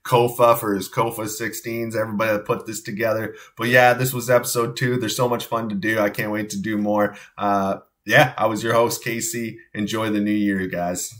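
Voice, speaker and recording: Host, male, low-ish voice, relaxed rambling delivery, casual show talk. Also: moderate pace, hardly any pauses. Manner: laid-back, rambling with fillers.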